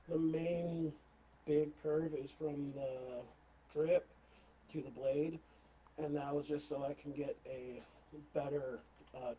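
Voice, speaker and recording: Halting man with a mellow voice. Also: a little high, slight background noise, poor audio. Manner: halting, many fillers and restarts. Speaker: interview guest, LARP player. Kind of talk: casual podcast chat.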